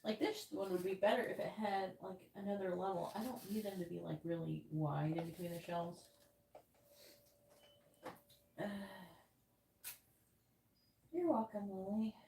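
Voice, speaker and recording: A woman's voice: medium pitch, normal speed, vocal fry, mellow, slight background noise. Woman tarot reader hosting a live stream, loose and chatty, heard from a distance off the mic. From New York. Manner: rambling, chatty, laughs often. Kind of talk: casual livestream chat. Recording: roomy sound, distant from the mic.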